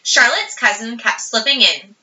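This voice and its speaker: A woman's voice: fairly high pitch, animated, measured pace, sharp tone, heavily acted. Woman reading as an eager little farm girl. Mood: earnest. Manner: earnest, insistent storytelling. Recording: roomy, distant, dull audio.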